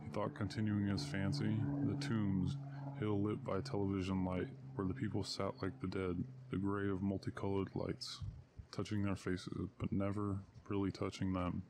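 A man narrating short stories in a measured, unhurried reading. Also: sits low, completely flat delivery, background noise. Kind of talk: audiobook story reading.

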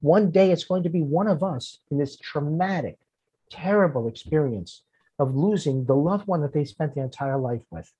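A man's voice: fairly high pitch, moderate pace, warm tone, husky, dry recording. A man, a firefighter and podcast guest, telling emotional personal stories earnestly, often repeating words when moved.

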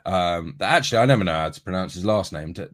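Low-voiced man chatting football. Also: lively intonation, fast talker, a bit bright. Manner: rambling, many ums and restarts. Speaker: podcast co-host. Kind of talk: casual sports chat.

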